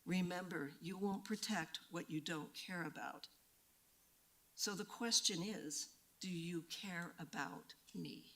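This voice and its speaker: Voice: mid-range voice, takes it slowly, fairly bright tone. A person giving a defiant, emphatic public comment at a council meeting, pleading to be seen.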